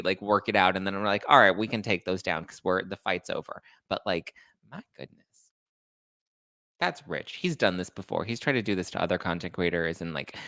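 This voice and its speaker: A man hosts a casual live chat, reading comments aloud and getting sassy and fired up. His delivery is animated, with pitch leaping up in loud outbursts and a gravelly fry when he drops low. The sound is dry and close to the mic. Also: dry recording. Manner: sassy, animated, quick to fire up with bursts of loud outrage.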